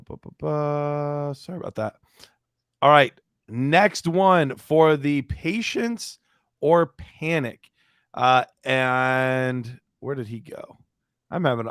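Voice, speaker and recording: A man's voice: mid-range voice, a bit bright, no echo. Male podcast host, casual and rambling, dry sound. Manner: loose, chatty, fumbling through notes while asking questions. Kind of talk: casual sports chat.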